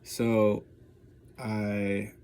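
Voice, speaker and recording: A man's voice: lowish voice, monotone, drawn-out words, a little mellow, a little hiss or hum. A man telling a personal story in a loose, casual way, full of fillers and constantly checking in with the listener. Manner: rambling, filler-heavy, keeps checking in with "right?" and "you know?". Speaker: vlogger.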